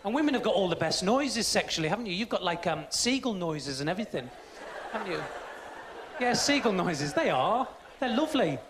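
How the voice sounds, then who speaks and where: A British man performs a crude, cheeky stand-up set with a high, animated voice. He is recorded live in a roomy theatre, with a loud audience laughing behind him. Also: fairly quick, a crowd in the background, noisy background. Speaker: stand-up comedian. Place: large theatre stage.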